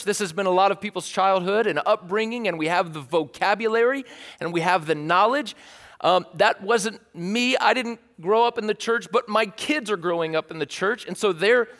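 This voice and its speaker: Man, 30s, pastor, casual joking sermon, repeats himself, higher voice, long hall reverb. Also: a bit bright. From East Tennessee. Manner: conversational, jokey, repeats himself.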